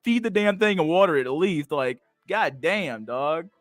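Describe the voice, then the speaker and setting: A man's voice: on the high side, animated, moderate pace, a bit bright, no echo, soft background music. A man streaming a casual rant and reacting to chat, cursing freely, laughing often and stumbling over repeated words. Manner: profane, stammering repetitions, frequent laughter.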